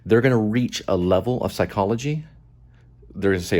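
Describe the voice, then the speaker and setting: Commenting on a video as host of his own show, a man with a deep, low-pitched voice speaks emphatically and preachily, circling back to repeat his key points. His impassioned commentary has a brisk pace and a darkish tone.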